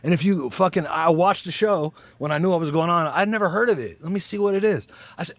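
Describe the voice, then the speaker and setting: A man guesting on a podcast, telling animated, heavily profane stories in casual chat. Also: on the high side, fairly quick, no room sound.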